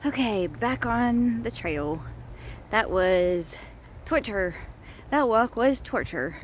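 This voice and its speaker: A woman's voice: on the high side, animated, slow, a little hiss or hum. A woman chatting casually to her vlog audience on a park trail, a bit out of breath and exasperated. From US state of Georgia. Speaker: vlogger. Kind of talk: casual vlog talk to camera.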